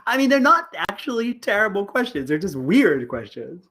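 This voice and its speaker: A middle-aged man giving a casual college lecture, halting with many fillers and often laughing as he reads and jokes. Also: sits high, sing-song, fairly bright tone, low-quality recording. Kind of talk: casual online class lecture.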